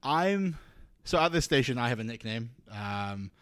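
A man's voice: medium pitch, measured pace, no echo. Laid-back Scottish man, laughing and swearing. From Scotland. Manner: relaxed, laughs often, swears. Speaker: podcast guest. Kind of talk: casual chat.

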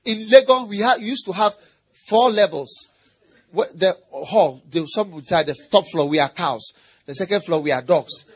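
A middle-aged man preaching a sermon as pastor, animated and playful, quizzing the congregation and mimicking animal noises. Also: sits high, normal speed, breathy edge.

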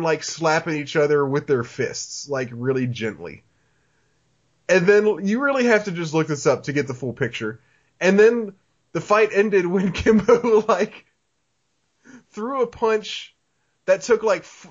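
A man hosting a podcast, talking casually in a rambling way, with many fillers and laughs. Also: high-pitched. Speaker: podcast host. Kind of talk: casual chat. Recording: dull lo-fi audio.

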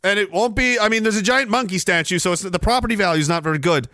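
A sarcastic, foul-mouthed podcast host with a high, bright voice. He rants casually and swings his pitch all over the place, breaking into loud laughter. The sound is dry and close. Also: fast, no room sound. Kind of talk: casual livestream rant.

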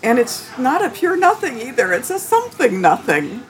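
A woman theologian answering interview questions in a thoughtful, halting way, with frequent restarts and light laughter. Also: sits high, huge pitch swings, a little hiss or hum. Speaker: theologian guest.

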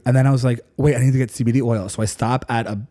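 Casting: man, mellow warm tone, chatty storyteller who rambles. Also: medium pitch, racing. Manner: rambling, animated retelling with lots of "like". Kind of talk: casual storytelling chat.

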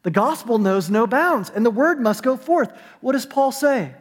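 A pastor with a high, light voice delivers a sermon from the pulpit in what sounds like a church sanctuary, his words echoing through a long hall. Animated and at a normal pace, he tells a story, hushes softly at tender moments, and builds to emphatic, rising calls.

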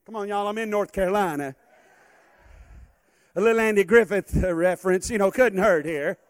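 A man with a high voice preaches as a guest speaker in a church hall, speaking at a moderate pace. He is animated and calls on the congregation to respond. The recording is dry.

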